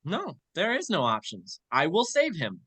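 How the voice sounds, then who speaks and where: A bright, lively voice that swings widely in pitch, insistent and animated. It sounds dry and close, retelling scenes in a tabletop game. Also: moderate pace, breathy edge, dry recording, poor audio. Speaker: player. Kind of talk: casual tabletop game banter.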